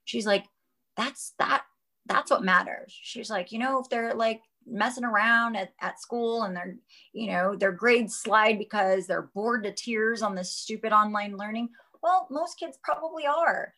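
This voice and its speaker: A woman's voice: fairly high pitch, moderate pace, sharp tone. A woman speaking as a guest, earnest and frank, rambling a little as she talks. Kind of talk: casual chat.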